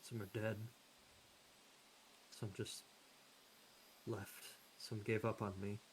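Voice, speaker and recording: A man voicing a guarded young woman adventurer who speaks hesitantly and softly in a tabletop game. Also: fairly low pitch, level tone, slow, slight background noise, rough recording. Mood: somber. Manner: hesitant, soft-spoken. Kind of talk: tabletop role-play.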